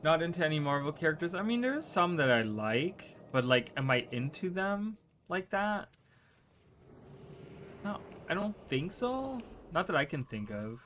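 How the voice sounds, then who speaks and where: A man's voice: on the high side, big pitch swings, unhurried, a bit bright, a little hiss or hum. Rambling male streamer chatting with viewers. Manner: rambling, trips over words and restarts, teases chat. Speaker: gaming streamer. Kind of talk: casual livestream chat while gaming.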